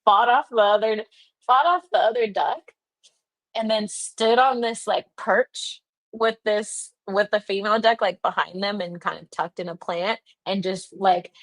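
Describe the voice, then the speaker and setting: Her mid-range voice stays steady and unhurried in a dry recording. She's a young woman running a livestream, relaxed as she tells a story, giggling, laughing a lot and leaning on "like" as filler.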